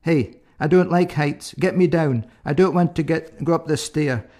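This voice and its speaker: A man's voice: fairly high pitch, moderate pace, darkish tone, pitched above the performer's own voice, lightly acted. A man voicing a nervous, complaining paralyzed man who is being carried. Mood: grumbling. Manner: complaining, jokey.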